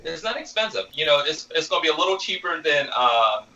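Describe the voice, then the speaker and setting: A man, an executive chef, explaining a live cooking demo in a relaxed way while he cooks. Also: a little high, fast, roomy sound, distant mic, muffled recording.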